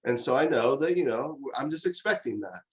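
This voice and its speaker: A man's voice: mid-range voice, a little fast, poor audio. Man giving a chatty parenting lecture. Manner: storytelling, with animated quoted outbursts. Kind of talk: conversational lecture.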